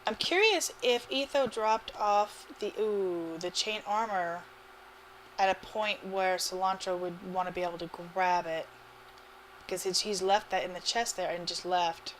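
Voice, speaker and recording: Woman commentator, live game match, chatty and excitable, mid pitch, faint hiss behind. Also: a little slow, poor audio. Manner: chatty, laughs often, excitable. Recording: faint background noise.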